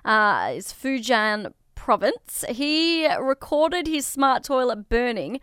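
A woman's voice: on the high side, very animated, slow, a bit bright, clean tone, dry recording, clean studio sound. A woman co-hosting a radio show, chatty and giggly as she runs through a trending news item. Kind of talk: casual chat.

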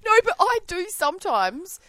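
A woman's voice: extremely high pitch, big pitch swings, normal speed, a bit bright, dry recording, clean studio sound. A woman co-hosting a breakfast radio show, chatty and laughing often. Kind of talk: casual radio banter.

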